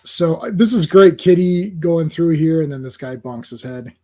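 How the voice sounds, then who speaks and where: High-voiced excitable male comic reviewer. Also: moderate pace. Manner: excitable, rambling with fillers and restarts. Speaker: comic book reviewer host. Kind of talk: casual comic review chat.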